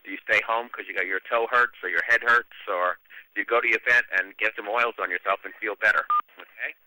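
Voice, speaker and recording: A man's voice: lowish voice, steady tone, brisk, pushed and bright, dry recording. A man hosting a conference call over a phone line, effusive and full of praise.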